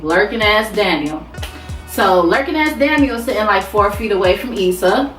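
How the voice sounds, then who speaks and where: A woman recapping a TV episode in a casual, profane, animated vlog, talking back to the characters. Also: mid-range voice, normal speed, recorded from a distance, faint music behind. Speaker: TV recap vlogger. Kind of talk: casual recap with quoted voices. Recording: roomy sound, away from mic.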